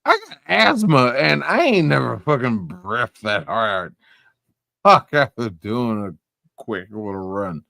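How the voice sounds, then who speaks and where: A man's voice: medium pitch, very animated, measured pace, creaky, bright, forceful tone, dry recording. A man hosting a casual reaction stream, profane and mocking, laughing at what he watches. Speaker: stream host reacting to clips.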